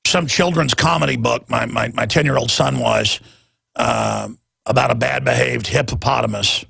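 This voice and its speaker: A man's voice: medium pitch, gravelly, fairly bright tone, slightly rough, no room sound. A man in his forties hosting a talk radio show, speaking intensely and emphatically and stumbling over repeated words when worked up. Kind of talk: impassioned talk radio monologue.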